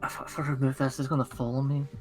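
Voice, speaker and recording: A man's voice: medium pitch, little pitch movement, fast talker, music in the background. A man playing a guest in a text adventure game, joking with mock despair. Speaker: guest player.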